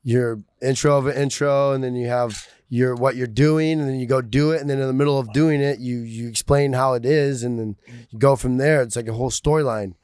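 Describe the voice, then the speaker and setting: A man's voice: medium pitch, steady tone, brisk, darkish tone, smooth, dry recording, studio quality. A man hosting a podcast in casual chat, laid-back and swearing freely, saying "dude" a lot. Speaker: podcast host.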